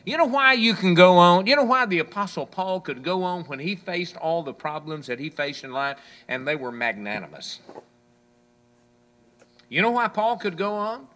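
Animated, bright-voiced male preacher. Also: high voice, moderate pace. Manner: preaching, quotes scripture, voices the complaints of listeners; swings from loud to hushed. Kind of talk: sermon.

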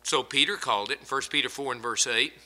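A man preaching a sermon, swinging between loud emphatic peaks and hushed low phrases, and slowing down to draw out quoted scripture. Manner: quotes scripture in slow, drawn-out delivery.

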